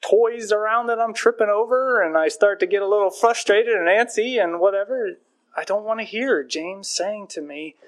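A man's voice: sits high, normal speed. A man in his thirties, a pastor preaching a sermon in a conversational, storytelling way with self-mocking humor.

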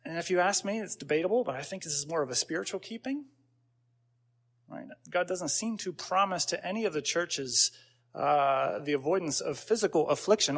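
A man pastor giving a conversational sermon, telling stories with casual asides and building to emphatic points. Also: a little high.

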